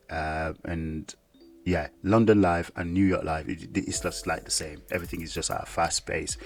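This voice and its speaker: A man who is a soldier, talking casually to the camera in a rambling way, with lots of "yeah" fillers. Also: rumbling low. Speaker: soldier and vlogger.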